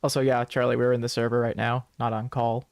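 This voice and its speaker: A man's voice: mid-range voice, level tone, fast talker, creaky, dry recording, clean studio sound. A young man hosting a podcast, chatting casually and giggling while he reads game dialogue aloud. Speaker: podcast host playing a game. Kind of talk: casual let's-play chat.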